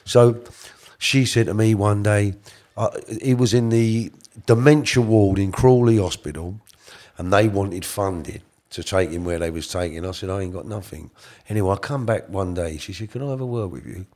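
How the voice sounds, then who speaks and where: A middle-aged man tells a personal story in a colloquial, earnest way, moving between soft asides and emphatic bursts. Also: lowish voice, moderate pace.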